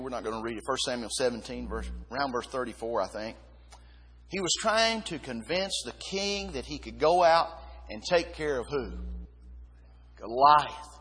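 A man preaching a sermon, reading scripture and repeating key words with emphasis, pausing between short phrases. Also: mid-range voice, a bit bright, husky. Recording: long hall reverb.

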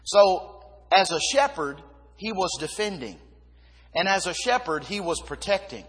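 A man preaching a sermon, reading scripture and repeating key words with emphasis, pausing between short phrases. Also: high-pitched, very animated, a bit bright, slightly rough. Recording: long hall reverb.

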